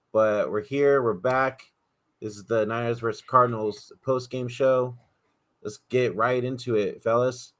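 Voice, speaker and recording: A man hosting a sports podcast, introducing guests in a laid-back, brisk way. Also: medium pitch, a bit bright. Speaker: podcast host.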